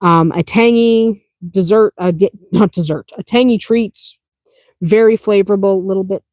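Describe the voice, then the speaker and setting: A woman's voice: mid-range voice, moderate pace, a little mellow, no echo. A woman who runs a small farm, answering viewer questions in a chatty, practical way, laughing easily and driving points home with "okay?". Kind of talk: casual Q&A explanation.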